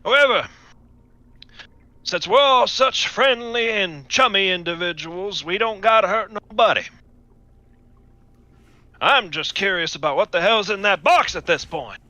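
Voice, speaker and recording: Man as swaggering smuggler, folksy and flirty, high bright voice, dull dry mic. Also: expressive, measured pace, long pauses, no room sound, exaggerated voice. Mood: chummy.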